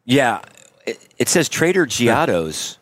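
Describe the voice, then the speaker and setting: A man's voice: medium pitch, big pitch swings, slow pace. A man co-hosting a comedy podcast, joking in a dry, self-deprecating way during casual chat.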